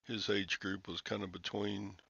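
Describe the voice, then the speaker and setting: Slow gravelly older man. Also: fairly low pitch, flat delivery, a bit bright, no echo. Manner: rambling, chuckling, sighing. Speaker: livestream host. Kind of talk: casual chat with viewers. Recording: dull lo-fi, dry sound.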